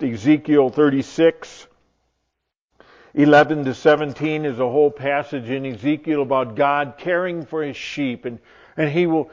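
A man teaching from the Bible in a sermon, earnest and searching, often restarting his sentences and dropping to a hush on tender points. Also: fairly high pitch. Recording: dull lo-fi recording.

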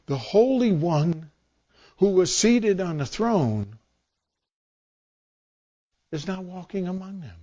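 A man's voice: high-pitched, lively intonation, slow pace, pauses often, mellow, lo-fi sound. A man preaching a sermon in a storytelling way, acting out scenes with different voices.

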